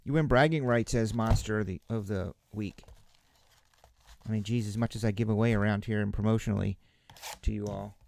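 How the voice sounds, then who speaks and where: A man hosting a live card break, chatting casually with viewers as he opens cards, relaxed and joking. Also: fairly low pitch, a little fast, vocal fry, a little hiss or hum. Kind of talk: casual live commentary while opening cards.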